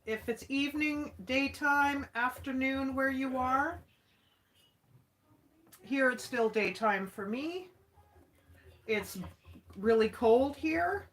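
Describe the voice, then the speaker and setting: Slow-talking chatty woman. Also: sits high. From Alberta, Canada. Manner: chatty, laughs often, folksy exclamations. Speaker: livestream host. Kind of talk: casual chat while crafting.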